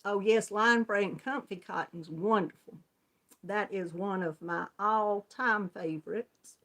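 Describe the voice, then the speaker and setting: A woman's voice: mid-range voice, slow pace, fairly bright tone. A woman with a Southern US accent hosting a casual live crochet chat, greeting viewers by name and laughing often. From Georgia, US. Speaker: crochet channel host.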